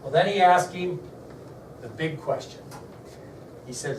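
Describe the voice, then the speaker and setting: A man gives a history lesson to his class, slightly high in pitch, telling the story casually and stopping to quiz his students. He sounds distant from the mic in a roomy, echoing classroom with a faint hiss behind him. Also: measured pace. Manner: conversational storytelling, asks the class questions. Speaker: history teacher. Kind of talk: classroom lecture. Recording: echoey room, mic far off, faint background noise.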